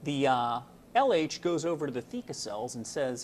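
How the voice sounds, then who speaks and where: A man's voice: mid-range voice, big pitch swings, normal speed, a little hiss or hum. A man giving a casual medical lecture, folksy and full of fillers, explaining with homely analogies.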